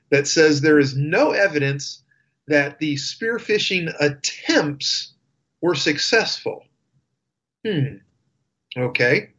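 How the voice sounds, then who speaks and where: Reading the news on his radio show, a man with a bright, slightly high voice slips in sarcastic, wry comments and fillers. It's casual commentary.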